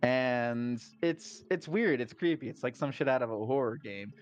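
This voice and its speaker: A man's voice: medium pitch, moderate pace, smooth. A man casually recapping a tabletop game session, swearing freely, laughing, and acting out his friends' lines. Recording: dull lo-fi sound.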